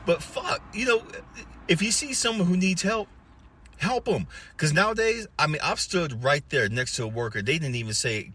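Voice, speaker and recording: A man hosting a podcast, talking in loose, profane, animated banter and laughing often. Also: sits high, moderate pace, slight background noise. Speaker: podcast host.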